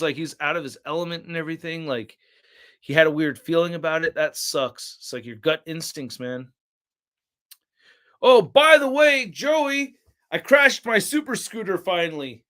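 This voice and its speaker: Bright, high-voiced laid-back streamer guy. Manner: laid-back, slangy storytelling, reads chat aloud. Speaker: livestream host. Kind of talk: casual livestream chat.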